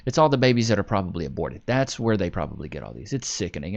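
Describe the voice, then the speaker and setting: Lively young man telling stories on stream. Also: low-pitched, fast talker, vocal fry, dull audio. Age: 20s. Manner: animated storytelling, swearing, laughing. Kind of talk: casual stream chat reacting to comments.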